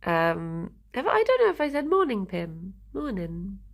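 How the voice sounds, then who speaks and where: Chatty woman, gravelly. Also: medium pitch, big pitch swings, unhurried. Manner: chatty and rambling, greets chat, laughs often; talks softly to her rabbits, sometimes whispering. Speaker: streamer. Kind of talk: casual live-stream chat.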